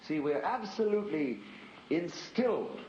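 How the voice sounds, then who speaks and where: A man's voice: fairly high pitch, expressive, dark tone, slight background noise. Reflective man lecturing on old tape. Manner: measured, reflective, rhetorical. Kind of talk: philosophical lecture. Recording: roomy, dull archival lecture tape.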